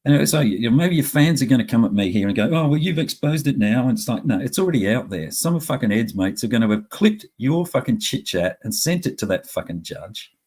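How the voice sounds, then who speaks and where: A man's voice: medium pitch, sing-song, fast talker, hardly any pauses, darkish tone, husky. A middle-aged man, ranting angrily in a profane, rambling monologue.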